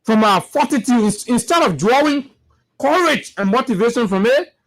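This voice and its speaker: A man's voice: very high voice, expressive, normal speed. A man with a Liberian English accent hosting a morning show, giving impassioned political commentary and repeating phrases for emphasis.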